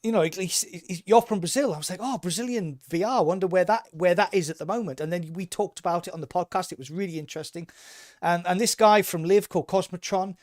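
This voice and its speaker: Upbeat high-voiced man chatting on a podcast. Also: fast talker, a little mellow, dry recording, studio quality. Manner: enthusiastic, rambling with restarts. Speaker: podcast co-host. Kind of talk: casual podcast chat.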